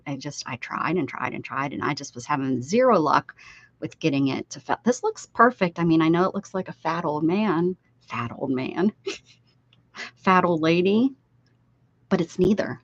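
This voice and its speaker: A woman's voice: low voice, no room sound. An older woman hosting a casual craft livestream from her desk at home, chatting loosely and answering viewers as she works. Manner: chatty, reads chat aloud and answers viewers. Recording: slightly dull lo-fi stream audio.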